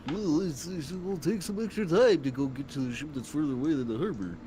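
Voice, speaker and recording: A man's voice: a little high, fast, dark tone, slight background noise, pitched above the performer's own voice, natural voice. A man voicing a short, round, fussy little male shipwright who talks formally and falters. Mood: eager. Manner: flustered, hesitant, formal.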